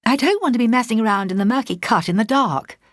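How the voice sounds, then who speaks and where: A practical young woman skipper , read aloud by a woman, who speaks in a brisk, decisive way. Her voice moves lively up and down. The sound is dry and close. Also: fairly high pitch, no echo, voice pushed up, close to an everyday voice. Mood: urgent.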